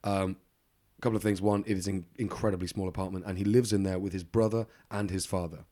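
A man with a low, mellow voice talks fast but keeps a steady tone. As a podcast co-host, he narrates a true-crime story casually, meandering with lots of ums and asides and laughing along.

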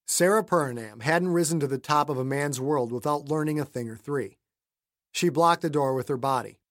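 A man's voice: on the high side, moderate pace, no room sound. Man narrating, dry close read. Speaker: audiobook narrator. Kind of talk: scripted narration.

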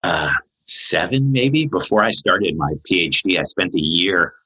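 A man in his forties, a psychologist guest on a podcast, telling a long story in a lively, chatty way with lots of fillers. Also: sits low, unhurried, husky, poor audio. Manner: animated storyteller, many "like" fillers.

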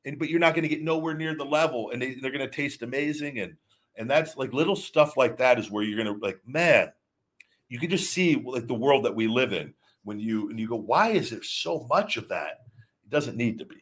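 Hosting a live stream, a man reads out viewers' super chats, talking casually and with emphasis while often restarting. His medium-pitched voice is brisk and a bit bright.

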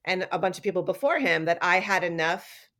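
A middle-aged woman telling stories in a casual interview, animated and acting out quoted lines with laughter. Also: on the low side, brisk. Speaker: guest artist and educator.

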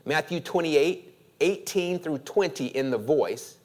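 Slow, expressive male preacher. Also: on the high side. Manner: slow, deliberate preaching with call-and-response. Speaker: pastor. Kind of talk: sermon.

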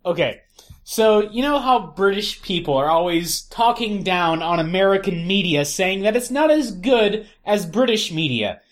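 Woman, podcast co-host, mid pitch, dry manner, casual banter. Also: lively intonation, normal speed. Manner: dry, trying to get a word in.

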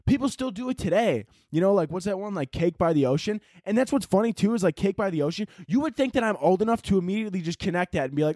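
A man's voice: high voice, expressive, rapid-fire, darkish tone, dry recording, studio quality. A young man hosting a solo podcast, rambling casually and mocking himself, swearing as he goes. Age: young adult. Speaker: podcast host.

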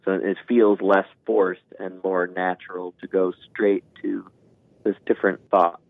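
A man's voice: deep voice, flat delivery, a little slow, vocal fry. A man talking in a casual podcast conversation, sharing his experience as a parent in an earnest, reflective way. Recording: tinny phone-like line.

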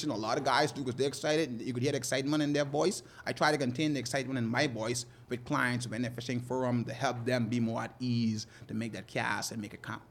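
A man's voice: mid-range voice, slight background noise. A man working as a fishing guide, talking loosely and animatedly in an interview, often laughing. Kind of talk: casual interview talk.

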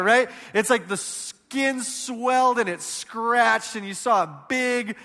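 A man in his thirties preaching a sermon, telling stories in a conversational way that swings between loud and hushed. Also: very high-pitched, slow pace, in a large hall.

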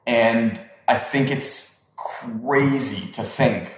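A man with a mid-range voice talks in an easygoing podcast chat, agreeable and relaxed. His words echo through a very reverberant room with a long reverb tail. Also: medium pitch, very slow, slight background noise. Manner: easygoing, gives brief affirmations.

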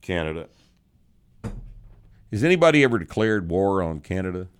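A man's voice: deep voice, very animated, moderate pace, clean tone. A man hosting a podcast, answering listener questions in blunt, profane, joking chat. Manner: blunt, profane, drawling, laughs often. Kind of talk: casual chat.

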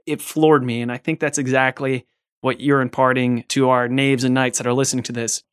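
A man's voice: mid-range voice, fairly even intonation, a little fast, a bit bright, smooth, no room sound, clean studio sound. A man hosting a casual podcast interview, conversational, telling a personal story. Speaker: podcast host.

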